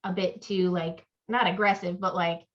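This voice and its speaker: A woman's voice: lowish voice, steady tone, normal speed. Rambling woman podcast co-host, muffled sound. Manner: rambling storyteller, acts out her own inner voice. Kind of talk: casual chat. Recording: muffled lo-fi audio.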